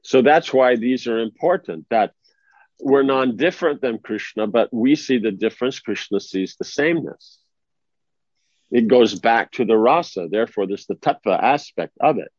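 A man's voice: medium pitch, expressive, moderate pace, no room sound. A man giving an informal spiritual discourse in a conversational way, often checking that his listeners follow him. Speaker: spiritual teacher. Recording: dry, slightly dull lo-fi recording.

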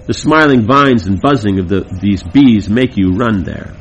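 A man's voice: lowish voice, expressive, measured pace, hardly any pauses, slight background noise, rough recording. Man reading a play with chatty asides. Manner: plain reading broken by chatty comments. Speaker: teacher reading a devotional play. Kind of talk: reading aloud with casual asides.

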